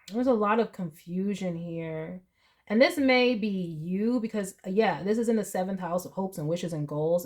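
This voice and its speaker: Lady tarot reader, lowish voice, chatty and heartfelt, lots of asides. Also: darkish tone. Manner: emotional, earnest, chatty with laughs and asides. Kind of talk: casual tarot reading monologue.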